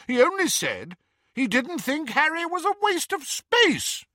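A man's voice: very high voice, lively intonation, moderate pace, bright, forceful tone, no room sound, clean studio sound, pitched above the performer's own voice, exaggerated voice. A man doing a prim, indignant witch. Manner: indignant, formal. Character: indignant earnest witch, a grown woman.

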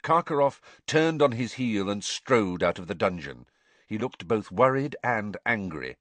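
A man narrating a story for an audiobook, with a fairly low voice and lively, rising-and-falling pitch. His delivery is measured and expressive. The recording is dry and close. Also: dry recording.

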